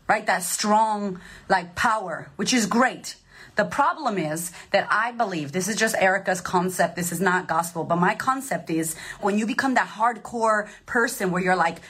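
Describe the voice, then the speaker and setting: A woman life coach giving a casual motivational monologue, emphatic and profane, with animated delivery. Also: mid-range voice, normal speed, husky.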